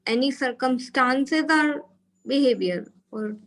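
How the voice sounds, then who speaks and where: A woman's voice: high voice, poor audio. A woman with an Indian English accent speaking as a student in an online class, mixing Hindi words into her English. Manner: mixes Hindi into English, quick storytelling.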